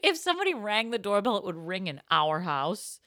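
Bright, lively woman podcaster. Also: mid-range voice, a little fast, dry recording, studio quality. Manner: laughs often, swears freely, playful storytelling. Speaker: podcast co-host. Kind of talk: casual podcast banter.

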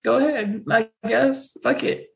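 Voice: mid-range voice, steady tone, unhurried, vocal fry, low-quality recording. A podcast co-host in a casual, gossipy chat about reality TV, swearing freely and filling with "like.".

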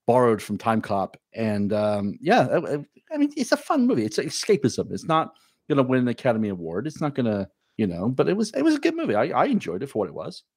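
A man hosting a relaxed movie podcast, joking around and rambling through his points with frequent restarts. His voice sits at an ordinary middle pitch. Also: quick pace, slightly rough, no room sound. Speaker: podcast host. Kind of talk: casual movie chat.

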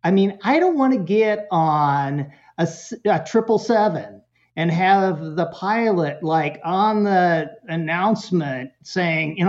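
A man chatting casually as a guest expert, animated and joking as he tells stories and acts out bits of dialogue. The audio is muffled and lo-fi, like a podcast recording. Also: high voice, unhurried. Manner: animated storyteller, acts out voices, jokey. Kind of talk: casual interview chat.

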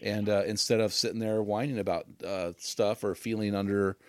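A man hosting a podcast, talking in an energetic, joking and emphatic way. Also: on the low side, moderate pace, smooth, no echo. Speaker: podcast host. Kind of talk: casual podcast chat.

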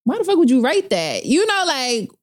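A young woman, telling a personal story in casual chat. She is animated, swears freely, and jumps high in pitch when she quotes people. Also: moderate pace. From New York.

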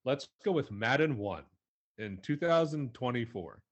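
A man's voice: mid-range voice, lively intonation, a little slow, dull audio. A young man co-hosting a podcast, delivering a heated, profane comedic rant with a mocking edge. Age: young adult. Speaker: podcast co-host.

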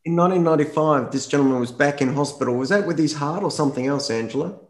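A man interviewing a guest, warm and encouraging, reacting with admiration. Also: on the high side, fast, roomy sound.

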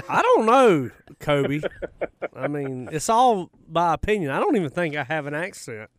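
A man's voice: on the high side, big pitch swings, a little slow, dry recording. A man with a Southern accent co-hosting a radio show, a folksy storyteller who rambles. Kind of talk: casual radio chat. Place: radio studio.

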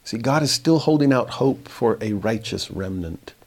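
A man teaching a verse-by-verse scripture lesson, reading passages slowly and then paraphrasing them with rising emphasis. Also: medium pitch, expressive, darkish tone.

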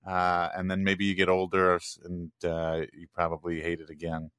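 Animated New man telling stories. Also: sits low, normal speed, clear, resonant tone, dry recording, studio quality. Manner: animated storyteller who mimics crowd chants. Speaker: podcast co-host. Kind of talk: casual chat.

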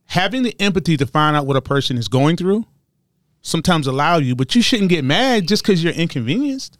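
A man's voice: fairly quick, no room sound. Guy chatting on a podcast, voice bounces up and down a lot, dry close sound. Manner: animated, jumps high in pitch when mocking. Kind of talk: casual group discussion.

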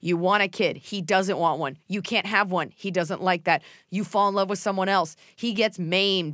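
A woman's voice: on the low side, normal speed, hardly any pauses, fairly bright tone, no room sound, clean studio sound. A woman hosting a podcast in casual chat, blunt and opinionated, swearing freely and mimicking people in silly voices. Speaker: podcast host.

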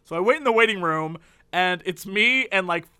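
A high-pitched man with a bright, sharp voice rattles through a comic story on a podcast. He talks fast, laughs often and mocks himself. The sound is dry and close, with almost no room in it. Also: clear, resonant tone, no echo. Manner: animated, laughing, rapid-fire, self-mocking. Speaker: podcast co-host. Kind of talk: casual comedic storytelling.

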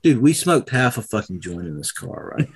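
Young man, casual storyteller, foul-mouthed and animated. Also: medium pitch, slightly rough. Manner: profane, animated retelling with quoted voices. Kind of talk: casual chat, telling a story.

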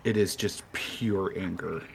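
A man narrating a tabletop game as game master in a slow, descriptive manner. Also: deep voice, steady tone, gravelly, a little hiss or hum.

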